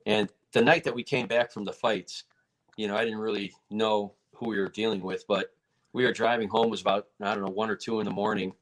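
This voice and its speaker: A man with a fairly low voice tells a story in a relaxed interview. He talks casually and animatedly, and his pitch jumps when he acts out what people said. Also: a little fast. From United States. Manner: animated, acts out quotes in a raised voice. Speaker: martial arts federation president, guest.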